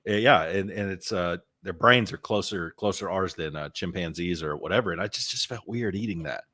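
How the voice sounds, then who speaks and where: A man's voice: low-pitched, a little fast, bright, forceful tone. A man co-hosting a podcast in casual chat, telling stories and often repeating words while he finds his thought. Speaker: podcast co-host.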